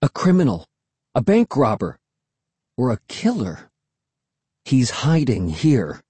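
A man voicing a frightened young child lost in a swamp, in low, murmured lines. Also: wildly swooping pitch, slow, dark tone, breathy edge, no room sound, exaggerated voice. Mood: fearful murmur.

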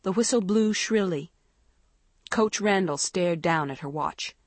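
A woman narrating a story in a measured, expressive reading. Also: lowish voice, dry recording. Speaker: audiobook narrator. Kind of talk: scripted narration.

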